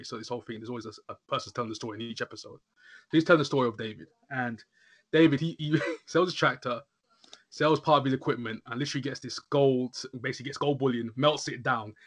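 A man, chatting casually about a TV episode, animated and quick to laugh. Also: medium pitch, slightly rough. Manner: animated, laughs often, says "literally" a lot. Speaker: podcast host reviewing a horror episode. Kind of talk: casual chat.

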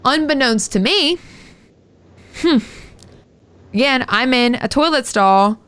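A woman on a podcast, one of its co-hosts, recounts a story in laid-back banter full of swearing. She speaks slowly in a smooth, high-sitting voice, and her storytelling is lively and profane.

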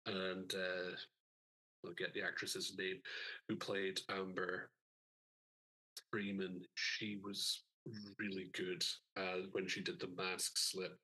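A man's voice: sits low, monotone, takes it slowly, bright, forceful tone, slightly rough, poor audio. A man co-hosting a film podcast in casual chat, with dry, wry asides. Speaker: podcast co-host.

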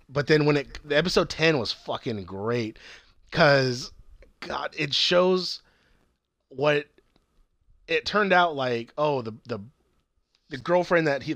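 A man's voice: mid-range voice, a bit bright, dry recording. A young man casually recapping a TV series, rambling and swearing as he acts out the characters' lines. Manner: rambling, profane, acts out quotes.

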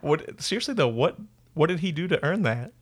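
A man's voice: on the high side, big pitch swings, a little fast, breathy edge. A man hosting a casual podcast chat, joking around and laughing often. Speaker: podcast host.

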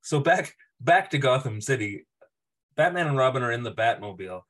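A man's voice: mid-range voice, lively intonation, brisk, fairly bright tone. A man co-hosting a casual podcast, recapping episodes and laughing often as he mimics characters. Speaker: podcast co-host.

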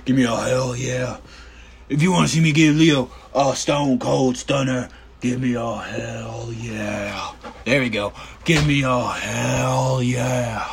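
A man putting on an impression of a brash, gruff tough-guy wrestler, drawling slowly. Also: mid-range voice, slight background noise. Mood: growling.

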